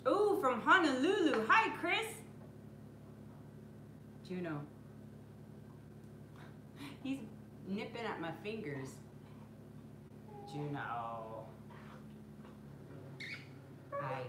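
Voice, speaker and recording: A woman's voice: medium pitch, big pitch swings, drawn-out words, long pauses, echoey room, noisy background. A woman hosting a live stream from home, chatting casually, greeting viewers by name and cooing at her puppy. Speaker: acrylic pour artist hosting a live stream. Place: home room with the door closed.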